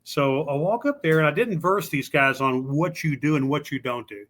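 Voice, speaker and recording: Folksy man telling lively stories. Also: a little high, normal speed. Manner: folksy, drawling storyteller who acts out the voices of people he met. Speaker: podcast guest. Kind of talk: casual storytelling. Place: lives in Louisville.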